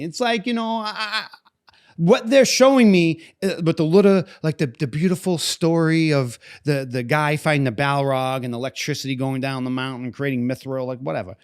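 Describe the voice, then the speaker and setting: Young male co-host, a bit high-pitched, thoughtful and rambling. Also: moderate pace, smooth. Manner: musing, hesitant, many fillers and restarts. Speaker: podcast co-host. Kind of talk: casual chat.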